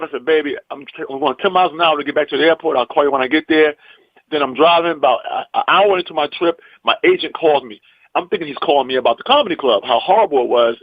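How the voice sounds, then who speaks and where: Male comedian from the US East Coast, animated anecdote teller, somewhat dull audio. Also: medium pitch, no echo. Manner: animated, acts out every quote, salty language. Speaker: comedian guest. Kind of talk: storytelling anecdote. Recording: dull, dry podcast audio.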